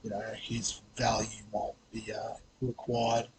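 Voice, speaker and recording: Flat-voiced Australian man rambling on. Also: lowish voice, measured pace, noisy background. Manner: rambling, hesitant, many fillers and restarts. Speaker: fantasy sports channel host. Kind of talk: casual vlog commentary.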